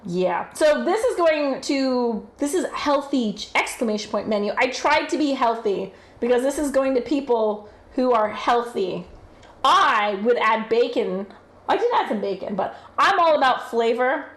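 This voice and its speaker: A woman's voice: on the high side, expressive, unhurried, roomy sound. A woman with a general American accent, casually chatting while cooking on a livestream, reading chat aloud and swearing freely. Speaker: streamer.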